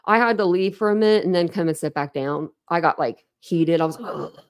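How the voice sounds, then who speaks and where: A woman's voice: on the low side, fairly quick, clean tone. A woman hosting a casual livestream, rambling candidly to her chat, laughing often and poking fun at herself. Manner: laughs often, self-deprecating. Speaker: livestream host.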